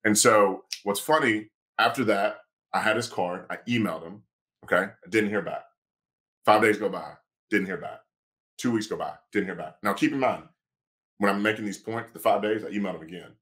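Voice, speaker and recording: A man, a sports agent and lawyer, telling a story on a podcast in a casual, animated way and acting out the quoted dialogue. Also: fairly low pitch, brisk.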